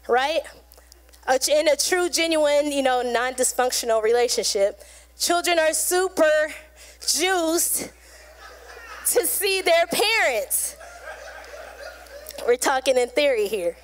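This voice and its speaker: A woman preaching to a congregation in an easygoing, chatty style. Her voice sits high, and she keeps things loose and conversational, dropping into short acted-out lines now and then. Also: lively intonation, slow pace, long pauses. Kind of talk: sermon.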